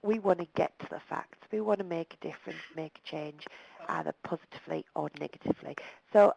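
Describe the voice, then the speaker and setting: A woman's voice: low-pitched, fairly quick, gravelly, mellow, husky, low-quality recording. A woman presenting a webinar over the telephone, talking in a direct, plain-spoken and emphatic way. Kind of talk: live webinar talk.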